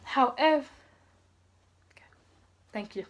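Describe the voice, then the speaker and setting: A woman giving a casual homemade language lesson, pausing often and slowly repeating sounds for practice. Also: high-pitched, lo-fi sound. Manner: halting, many restarts and fillers. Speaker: language teacher.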